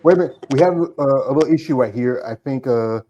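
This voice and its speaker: A man hosting a casual interview, relaxed and reading out viewer comments. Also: medium pitch, quick pace, muffled recording, a little hiss or hum. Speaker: host. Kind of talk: casual interview with live chat.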